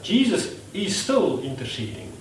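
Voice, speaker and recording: A man's voice: on the high side, unhurried, slight background noise. Man preaching in an echoey church hall. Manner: conversational, acts out quotes with lively voices; self-deprecating, laughs at himself. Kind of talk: sermon. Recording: echoey room from a distance.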